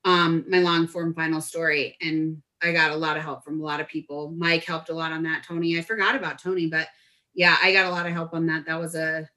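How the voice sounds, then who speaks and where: A woman in her forties from Colorado, a guest telling stories in a lively, chatty way. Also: deep voice, a little fast. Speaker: podcast guest. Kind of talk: casual storytelling chat.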